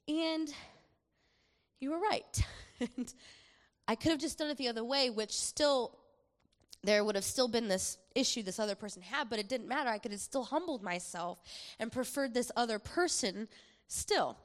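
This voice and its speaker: A young woman gives a personal testimony from the front of a large hall, her fairly high voice carried on a long reverb. She talks in a chatty, animated way and laughs often between her thoughts. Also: moderate pace. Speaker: speaker sharing a testimony.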